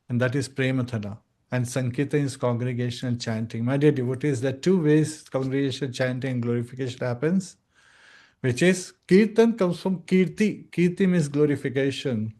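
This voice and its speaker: A man giving an earnest devotional scripture talk as a spiritual teacher, at times slowly singing chant phrases and acting out short dialogues. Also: a little high, a little mellow.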